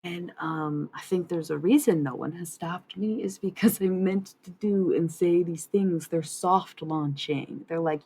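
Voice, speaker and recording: Young woman streamer, low voice, drifting casual talk, faint hiss behind. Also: a little slow, hardly any pauses, mellow, poor audio. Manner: dreamy, meandering, laughs often. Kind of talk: casual livestream chat about channeling.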